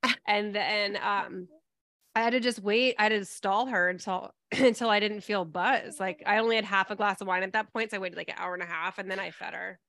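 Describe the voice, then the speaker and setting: A woman co-hosting a podcast in casual chat, telling anecdotes and acting out quotes, dropping soft on asides. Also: medium pitch, fairly even intonation, a little fast, dry recording, clean studio sound. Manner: chatty, drops soft on asides, acts out quotes. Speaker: podcast co-host.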